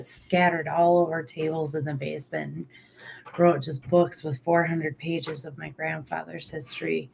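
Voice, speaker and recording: Woman co-host, low gravelly voice, rambling casual talk, faint background hiss. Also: darkish tone. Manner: rambling, with frequent ums. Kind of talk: casual chat.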